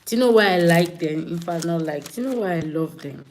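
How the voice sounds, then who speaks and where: A woman's voice: on the low side, expressive, a little fast, darkish tone, slight background noise. A woman hosting a casual livestream, chatting with viewers and greeting them by name. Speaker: livestream host.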